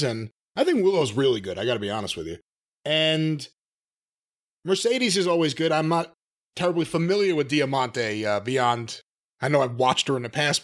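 A man co-hosting a podcast, chatting frankly and enthusiastically and swearing casually. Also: on the high side. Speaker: podcast co-host.

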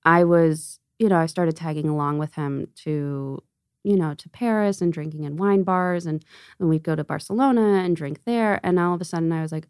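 A woman guest on a podcast, chatting casually and telling animated stories, acting out quotes with laughs. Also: low voice, normal speed, clear, resonant tone, dry recording, clean studio sound. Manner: animated storyteller, acts out quotes, laughs often. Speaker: restaurant owner and wine buyer guest.

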